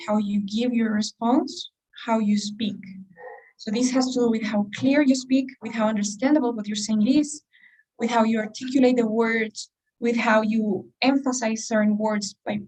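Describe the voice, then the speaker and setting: Woman teacher, a bit high and distant. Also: darkish tone. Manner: explains with many rhetorical questions. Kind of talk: online class lecture.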